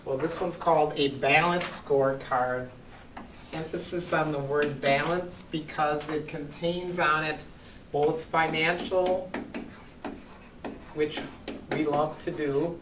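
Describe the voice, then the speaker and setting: A man's voice: on the high side, noisy background. A man teaching a college class, lecturing with frequent ums and "right?" checks. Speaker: college accounting instructor.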